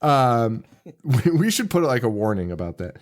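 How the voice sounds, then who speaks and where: A man's voice: mid-range voice, big pitch swings, normal speed. Rambling, laughing male podcast co-host. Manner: laughs often, rambling with fillers and restarts. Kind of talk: casual chat reviewing a horror movie.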